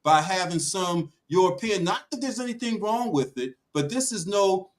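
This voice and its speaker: A man's voice: sits high, expressive, normal speed, poor audio. A man speaking emphatically on a talk show panel, with a preaching cadence that rises and falls.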